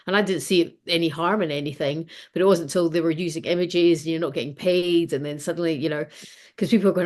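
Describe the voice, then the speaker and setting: A middle-aged Scottish woman chats as a podcast guest. She tells stories in a quick, self-mocking way and laughs easily at her own past. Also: low voice, fairly even intonation, a little mellow. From Scotland. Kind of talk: casual podcast interview.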